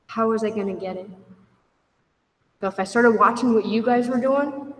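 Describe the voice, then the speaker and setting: A woman shares her recovery story with a meeting in plain, candid words. She acts out the dialogue with a raised voice. Her voice rings in a big reverberant hall, picked up from some distance. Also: a little high. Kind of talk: personal recovery story told to a group. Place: meeting room. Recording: echoey hall from far off.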